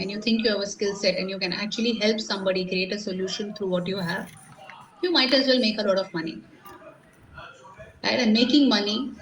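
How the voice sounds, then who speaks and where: A middle-aged woman with an Indian accent, giving a live motivational sales seminar and firing rhetorical questions at the audience. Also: mid-range voice. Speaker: sales coach. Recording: echoey room, distant mic, faint ambience.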